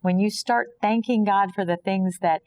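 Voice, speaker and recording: A woman's voice: medium pitch, moderate pace, a little mellow, a little hiss or hum. A woman from Kansas, a podcast guest, earnestly sharing a personal faith testimony and often acting out imagined dialogue. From Kansas, USA.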